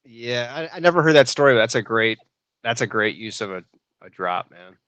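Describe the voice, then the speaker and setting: Animated storytelling man, dry sound. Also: mid-range voice, fairly quick, no echo. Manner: animated storyteller, says "dude" a lot. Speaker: podcast co-host. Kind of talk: casual chat.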